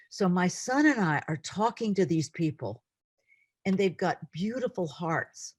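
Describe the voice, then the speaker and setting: A woman's voice: lowish voice, animated, a little slow, husky, no echo, studio quality. A middle-aged woman teaching an online class in an earnest, emotional way, often repeating words. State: near tears.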